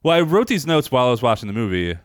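A man's voice: mid-range voice, sing-song, very fast, clear, resonant tone, no room sound, studio quality. A man co-hosting a film podcast in casual chat, rambling, swearing freely and animatedly retelling scenes. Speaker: podcast co-host reviewing films.

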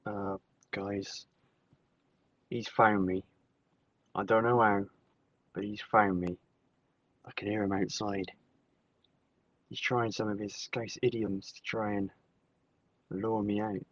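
A man's voice: lowish voice, level tone, slow, pauses often, dry recording, lo-fi sound. A man in improvised comic chat, giving rambling, mock-serious warnings.

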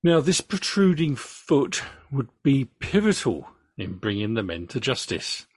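An English man hosting a podcast, reading case notes in a true crime story with relaxed asides. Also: mid-range voice, a little slow, husky, no room sound.

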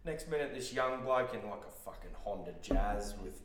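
A man's voice: lowish voice, expressive, normal speed, crowd noise. A man with an Australian accent, a podcast guest telling a rowdy workplace story in casual, swearing, laughing style. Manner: swearing, laughing anecdote teller. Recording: roomy echo.

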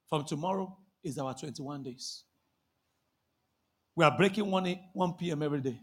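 A man, preaching a sermon with shouted bursts and drawn-out emphasis. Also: a little high, slightly rough. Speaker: pastor.

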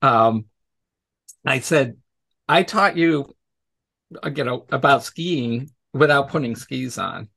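Male educator, mid-pitched, slight vocal fry; relaxed interview storyteller, acts out quoted lines with a laugh. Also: slow pace, long pauses. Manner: acts out quoted voices in anecdotes, laughs often. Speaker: podcast guest, educator.

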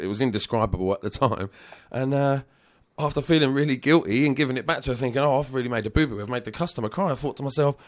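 A man guesting on a radio show tells chatty, rambling anecdotes. He laughs easily and keeps the mood relaxed and conversational. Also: medium pitch. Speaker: rapper and guest. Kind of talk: casual radio chat.

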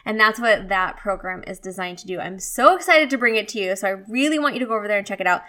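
A woman's voice: mid-range voice, expressive, fast talker, sharp tone. A woman in her thirties hosting a solo wellness podcast, chatty and candid, often laughing and acting out inner voices. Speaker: podcast host and wellness coach.

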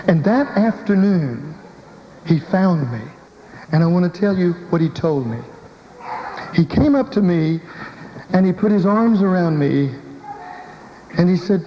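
A man's voice: a little high, lively intonation, measured pace, long pauses. Man preaching a dramatic story in a hall. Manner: emotional, vivid storytelling. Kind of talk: first-person dramatic sermon monologue. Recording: dull recording in a reverberant hall with faint hiss.

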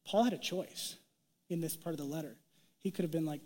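A man's voice: a little high, brisk, a little mellow. A young adult man preaching a casual, joking sermon as a pastor, acting out quoted voices as he goes. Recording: long hall reverb.

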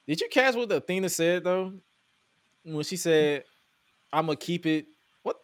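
Animated man recapping wrestling. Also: fairly high pitch, a little slow, pauses often, no echo. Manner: animated, incredulous, quotes promos aloud. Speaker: podcast host. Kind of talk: casual wrestling recap chat.

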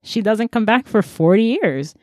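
A woman's voice: a little high, expressive, normal speed, a little mellow, no room sound, studio quality. A woman co-hosting a casual chat, retelling a story with playful voices and frequent laughter. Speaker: podcast co-host.

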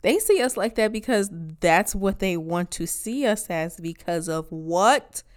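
A woman's voice: fairly low pitch, animated, a little slow. A woman in a blunt, profane rant to her viewers, driving each point home with a repeated "all right?". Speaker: online commentator. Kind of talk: ranting monologue to camera.

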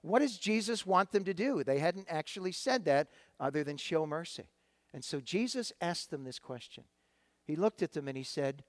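A man's voice: on the high side, expressive, normal speed, dry recording. A man preaching a sermon to his congregation, retelling a Bible story in a conversational way with frequent fillers and restarts. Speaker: pastor.

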